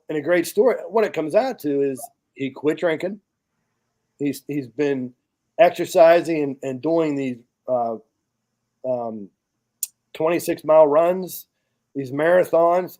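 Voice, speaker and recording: This podcast guest is an American charity founder whose voice sits slightly high for a man. Unhurried yet animated, he's blunt and profane, cursing freely and launching into acted-out moments from his story with lots of energy.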